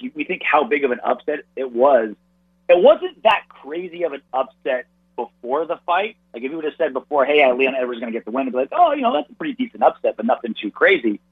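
Male sports guest analyst, animated, husky, tinny phone line. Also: mid-range voice, dry recording. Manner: animated, analytical, quick restarts. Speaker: radio and podcast host, guest analyst.

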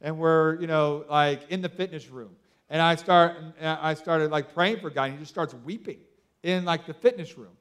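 A man in his thirties preaching a sermon, telling stories excitedly with lots of fillers like "like" and "you know". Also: fairly high pitch, normal speed, smooth. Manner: excitable storytelling with many fillers. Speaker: pastor.

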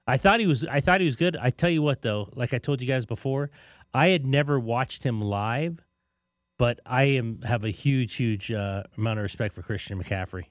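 A man's voice: mid-range voice, moderate pace, dry recording, clean studio sound. A man co-hosting a casual sports talk show, arguing his grades with rhetorical questions.

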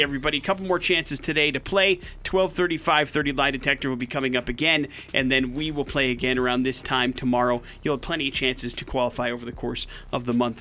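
A man hosting a radio show, telling news stories as a lively storyteller with joking asides. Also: medium pitch, a little hiss or hum. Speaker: radio host. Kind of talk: casual radio banter. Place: radio studio.

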